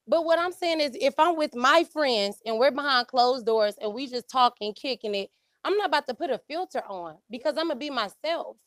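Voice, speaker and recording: A woman's voice: high-pitched, lively intonation, normal speed, a bit bright, no echo. A woman from Detroit on a discussion panel, talking casually and emphatically, often checking in with "you know what I'm saying". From Detroit, USA.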